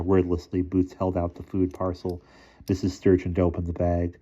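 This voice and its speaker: A man reads a children's novel aloud in a calm, measured way. His voice is low and mellow, and the recording sounds dull and lo-fi. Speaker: reader.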